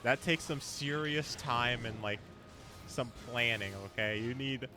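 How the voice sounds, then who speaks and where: A man's voice: mid-range voice, a little slow. Laughing, chatty male game streamer. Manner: laughs often, chatty, talks to chat. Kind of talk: casual live-stream chat.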